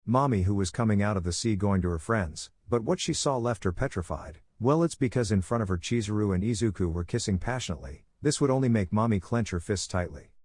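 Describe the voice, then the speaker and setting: A man narrating fan fiction in a plain, steady storytelling voice. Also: fairly low pitch, brisk, few pauses, no echo, clean studio sound. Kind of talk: reading fan fiction aloud.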